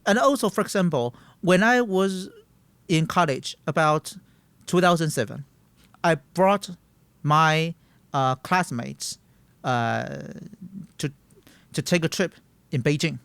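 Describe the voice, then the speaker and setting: A man's voice: a little high, animated, slow pace, creaky, long pauses, a bit bright, clean tone, dry recording. Earnest man in his thirties. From Taiwan. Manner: earnest, emphatic, searching for words. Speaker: guest. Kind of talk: interview answers.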